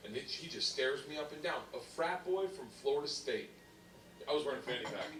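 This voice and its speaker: A man's voice: a little high, fairly bright tone, slight background noise. A man in his forties telling a rowdy stand-up story, laughing and bellowing his punchlines. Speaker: stand-up comedian. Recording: stand-up clip played back in an echoey room from far off.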